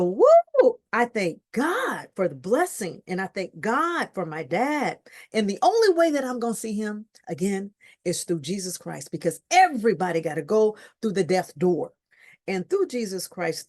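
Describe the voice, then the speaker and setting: A woman in her fifties hosting a faith-based podcast, speaking expressively and repeating phrases with sudden exclamations. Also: medium pitch. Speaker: podcast host. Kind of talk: faith-based grief talk.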